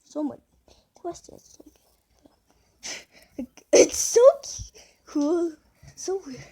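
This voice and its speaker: A woman's voice: high voice, very slow, mellow, whispered. A young woman talking casually as she reacts to a video, bewildered and exclaiming, with frequent laughs.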